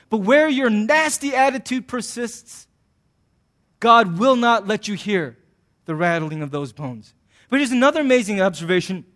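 A male pastor preaching a sermon in a humorous, conversational way, acting out little voices in his asides. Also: very high voice. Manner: animated, acts out voices in asides.

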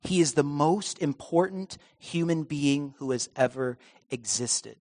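A preacher voicing a reflective elderly man, speaking softly and slowly with emotion. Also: a little high. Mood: tender.

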